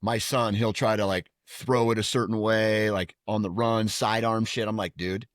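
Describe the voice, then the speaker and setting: A man's voice: fairly low pitch, normal speed, no room sound, studio quality. A middle-aged man co-hosting a podcast, ranting about kids in casual chat, swearing freely and acting out quotes. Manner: animated, swears freely, rants with put-on quotes. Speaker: podcast co-host.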